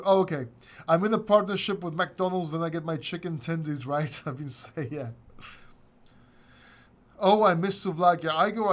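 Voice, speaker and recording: A male crypto livestream host with a slightly higher-pitched voice chats loosely with his viewers. He reads their questions aloud and answers in a relaxed, off-the-cuff way, full of "you know" and restarts. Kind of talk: casual live-chat Q&A.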